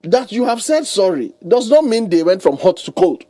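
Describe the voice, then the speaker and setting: A man, giving lively advice as a guest on a radio talk show, explaining with everyday examples and laughing often. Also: high voice, normal speed, no room sound. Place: radio studio.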